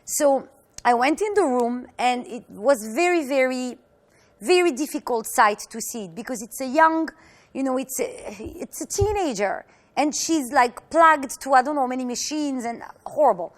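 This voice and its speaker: High-voiced woman telling a heartfelt story. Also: expressive. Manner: earnest, halting delivery that acts out quoted voices. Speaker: teacher. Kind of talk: personal storytelling.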